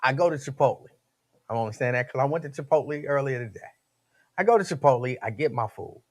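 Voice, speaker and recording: A man hosting a talk radio show, telling stories in an animated, slangy way. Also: fairly high pitch, a little fast.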